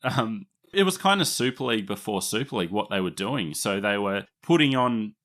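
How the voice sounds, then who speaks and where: An Australian man with a fairly low voice hosts a casual history podcast. He explains things at length in a chatty, good-humoured way and laughs easily. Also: animated, brisk, a bit bright. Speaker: podcast host.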